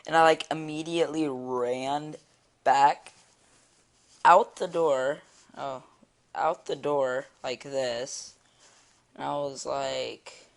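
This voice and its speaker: A teenage boy telling a story in a casual vlog, rambling and excitable, with many fillers. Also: medium pitch, slow, creaky, pauses often. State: eating while talking. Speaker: vlogger. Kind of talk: casual storytelling while drawing.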